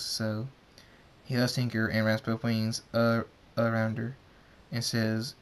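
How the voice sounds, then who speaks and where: A man's voice: mid-range voice, monotone, takes it slowly, clean tone. A man reading his fan fiction story aloud, in a plain narration with small restarts. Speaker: story reader.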